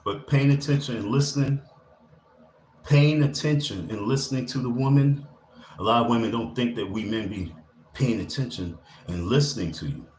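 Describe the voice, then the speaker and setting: A man's voice: medium pitch, normal speed, a little mellow. Rambling man streaming live in an echoey room. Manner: rambling, pep-talk delivery with loose slang. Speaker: livestreamer. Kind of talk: casual motivational live stream. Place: indoor room. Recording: echoey room with faint ambient noise.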